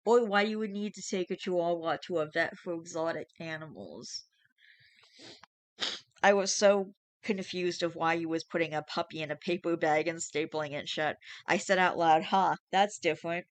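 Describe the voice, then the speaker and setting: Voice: medium pitch, no room sound. Casual, chatty young-adult Reddit reader. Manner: chatty, rambling, frequent fillers like "like" and "um"; swears casually. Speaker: YouTuber reading Reddit posts. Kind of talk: casual commentary reading posts aloud.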